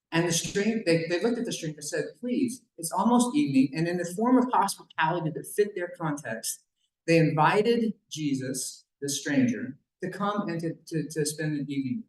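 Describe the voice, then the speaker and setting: Lively man retelling a Bible story. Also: fairly high pitch. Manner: conversational, joking asides to the audience. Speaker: banquet speaker. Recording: echoey room.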